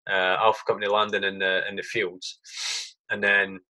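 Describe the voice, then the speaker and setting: British ex-army guy hosting a podcast, lowish voice, swears a lot, rambles on. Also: level tone, moderate pace, sharp tone, poor audio. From Britain. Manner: swears freely, loose and rambling. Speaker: podcast host. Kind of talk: casual chat.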